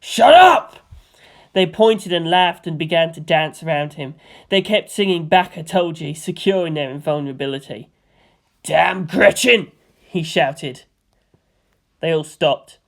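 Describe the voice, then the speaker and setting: Woman reading a story aloud, lowish voice. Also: moderate pace. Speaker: fanfic reader.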